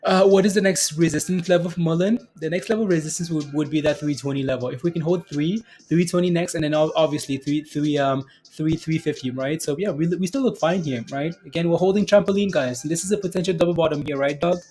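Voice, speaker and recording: A man's voice: fairly high pitch, quick pace, hardly any pauses, a little mellow. A man hosting a live stock trading stream, chatting casually with viewers, often laughing and repeating himself. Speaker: stock trading livestream host.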